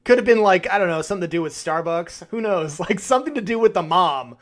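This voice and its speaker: A man co-hosting a podcast, chatting casually, animated and quick to swear as he acts out reactions. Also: high voice, crowd noise. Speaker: podcast co-host. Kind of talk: casual chat.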